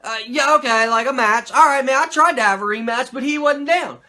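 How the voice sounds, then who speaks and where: A man's voice: very high voice, fairly quick, pushed and bright, pitched above the performer's own voice. A man putting on a reluctant male wrestler who stammers and complains. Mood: whiny. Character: whiny, reluctant male wrestler, easily rattled.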